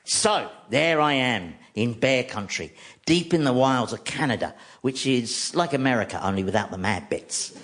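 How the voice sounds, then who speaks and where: A man's voice: mid-range voice, normal speed, a crowd in the background. Wry man telling comic stories. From London, England. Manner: wry, deadpan comic storytelling. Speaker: comedy host. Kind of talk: stand-up comedy monologue on radio. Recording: recording with steady background noise.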